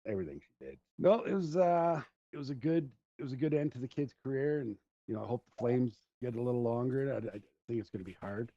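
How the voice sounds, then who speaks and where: Middle-aged man, husky low voice, rambling storyteller, dull lo-fi recording. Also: animated, fast, few pauses, mellow, dry recording. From Central Alberta, Canada. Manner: rambling, laughs through his stories. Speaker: podcast host. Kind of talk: casual chat, rambling storytelling.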